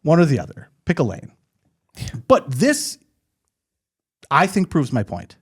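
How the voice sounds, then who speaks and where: Lively opinionated Minnesotan man. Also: fairly high pitch, measured pace, husky. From northern Minnesota. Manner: opinionated, rambling, frequent restarts. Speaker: podcast host. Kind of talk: casual chat.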